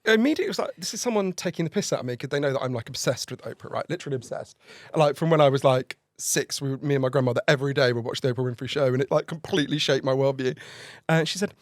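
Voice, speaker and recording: A man telling a long funny story as a podcast guest, excitable and laughing as he goes. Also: medium pitch, rapid-fire, no echo. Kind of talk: animated anecdote telling.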